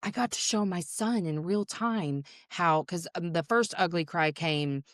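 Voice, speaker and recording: Middle-aged woman host, low voice, dry close sound, candid and emotional, casual swearing. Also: unhurried, no echo. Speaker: podcast host, therapist. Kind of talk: candid conversational chat.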